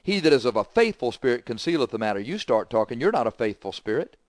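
A man's voice: mid-range voice, big pitch swings, quick pace, no room sound, studio quality. A man preaching a sermon, hammering the congregation with confrontational rhetorical questions.

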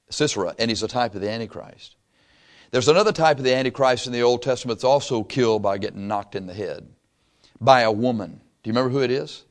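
A man, a pastor, teaching the Bible to his congregation in an easygoing, storytelling way, often asking them questions. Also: lowish voice. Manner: conversational storytelling, asks the congregation questions, chuckles.

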